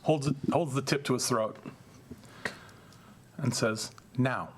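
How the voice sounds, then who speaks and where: A man runs a tabletop vampire role-play game as game master. His narration is relaxed and casual, often pausing with fillers as he describes the scene. He speaks at an ordinary pitch for a man. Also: slight background noise.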